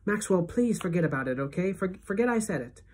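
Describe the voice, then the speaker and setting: A woman voicing a calm, formal middle-aged female principal, measured and reassuring, with a husky tone. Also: fairly low pitch. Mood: soothing.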